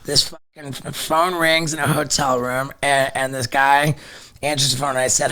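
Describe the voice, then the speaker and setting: A middle-aged man telling a story as a podcast guest, excitable, swearing freely and repeating words as he goes. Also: medium pitch, moderate pace. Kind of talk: casual storytelling.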